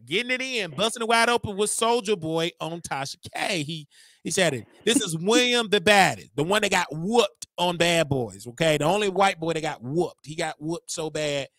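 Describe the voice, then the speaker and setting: A young man hosting a casual livestream, talking in an animated, gossipy way and laughing often. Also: high voice, no echo. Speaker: show host.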